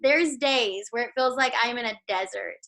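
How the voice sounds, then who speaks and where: Woman, bright and a little high, upbeat pep talk on a video call, chatty with lots of "like". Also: normal speed, low-quality recording. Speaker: team leader giving sales tips.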